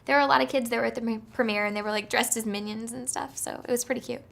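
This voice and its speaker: A woman's voice: on the high side, fairly even intonation, rapid-fire, vocal fry, fairly bright tone. A woman being interviewed about her voice acting, talking casually with lots of fillers. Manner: chatty, full of fillers like "like" and "um". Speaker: actress interviewed about voice work.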